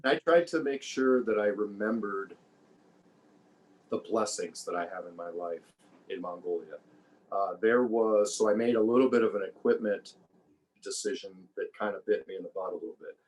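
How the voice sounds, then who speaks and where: Deep-voiced man, reflective and relaxed. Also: moderate pace, low-quality recording. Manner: relaxed, reflective, repeats words while thinking. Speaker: podcast guest, former survival show contestant. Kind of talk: casual conversational interview.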